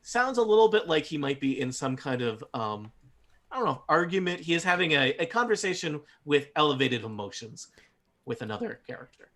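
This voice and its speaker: A man's voice: on the high side, big pitch swings, a little fast, fairly bright tone. A man running a tabletop game as game master, describing scenes in a loose, rambling way full of fillers. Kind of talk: narrating a tabletop game, casual.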